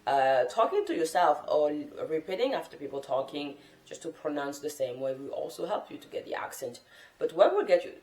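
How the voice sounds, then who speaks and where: Low-pitched woman, non-native English, unscripted chatty vlog, roomy camera-mic sound. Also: very animated, a little fast, darkish tone. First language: not English. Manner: rambling, chatty, self-correcting. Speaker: language-learning vlogger. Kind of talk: unscripted casual talk to camera. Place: sitting on the floor in a room at home.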